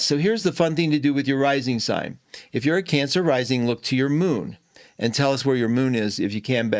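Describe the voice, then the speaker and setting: A man's voice: medium pitch, dry recording, clean studio sound. A man hosting a live astrology stream, chatting playfully with viewers and greeting them by name.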